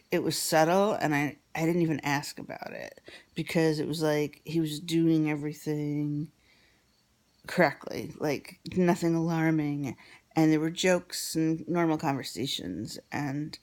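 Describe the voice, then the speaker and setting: A woman's voice: low voice, a little mellow. A woman vlogger telling a personal story in a rambling, casual way with many fillers, sometimes dropping to a whisper.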